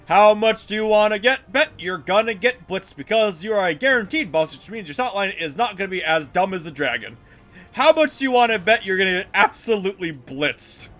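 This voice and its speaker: A man giving casual, jokey commentary while playing a video game with friends, animated and quick to swear. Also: high-pitched, soft background music.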